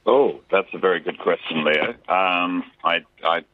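Super deep aussie guy chatting on the radio, joking about himself, tinny phone sound. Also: a little slow, no room sound. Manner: relaxed, chatty, self-deprecating. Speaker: musician guest. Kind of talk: casual radio interview. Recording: dry tinny phone line.

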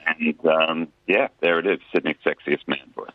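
A man's voice: a bass voice, steady tone, moderate pace, no room sound. A man, a musician guest chatting casually and self-deprecatingly in a radio interview. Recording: dry tinny phone line.

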